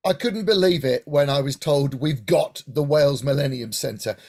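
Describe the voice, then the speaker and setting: A middle-aged man from Hampshire, England, telling lively stories in an interview and often checking in with "right?". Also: on the high side, moderate pace, over loud music. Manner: animated anecdotal, frequent "right?" asides. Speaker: guest singer-songwriter. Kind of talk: casual interview storytelling.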